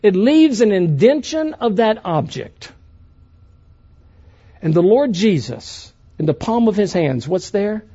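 A man delivers a sermon in a high, animated voice that climbs and drops widely. He preaches emphatically, swinging between loud passages and hushed ones. The recording sounds dull and lo-fi. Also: normal speed, gravelly, breathy edge. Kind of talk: sermon to a youth conference.

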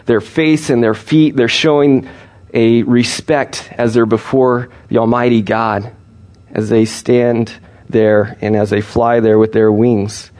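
A man preaching a sermon, explaining scripture in an earnest, steady teaching manner with frequent restarts. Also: mid-range voice.

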